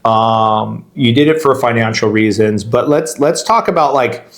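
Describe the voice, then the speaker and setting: Middle-aged male podcast co-host, rambling casual storyteller, mid-pitched. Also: unhurried. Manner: rambling, self-interrupting, laughs while telling stories. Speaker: podcast co-host, real estate agent.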